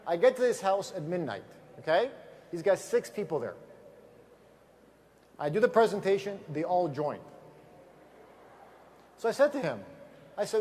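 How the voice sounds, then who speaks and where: High-voiced, energetic man coaching a crowd. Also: normal speed, long pauses, slight background noise. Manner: energetic storyteller, asks the audience questions. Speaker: business trainer. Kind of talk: motivational seminar talk.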